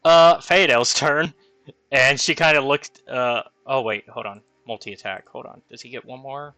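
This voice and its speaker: A man's voice: medium pitch, a little slow, sharp tone, no echo. A man running a tabletop game as dungeon master, thinking aloud over the rules with fillers.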